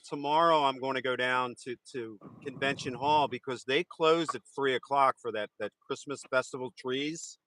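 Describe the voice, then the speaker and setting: A man's voice: medium pitch, normal speed, few pauses, noisy background. A man joining a casual live chat from a roadside at night, talking in an agreeable way with frequent hesitations. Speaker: co-host guest. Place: roadside outdoors at night with passing cars.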